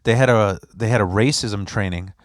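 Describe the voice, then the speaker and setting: A man's voice: lowish voice, normal speed, no echo, clean studio sound. A young adult man hosting a podcast, chatting casually and telling loose, profane stories. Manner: loose, rambling, profane storytelling with put-on voices. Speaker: podcast host.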